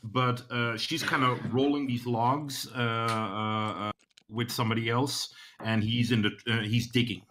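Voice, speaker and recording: A man's voice: mid-range voice, little pitch movement, measured pace, noisy background. A man narrating a tabletop role-playing game as game master, hesitating often with many fillers and restarts.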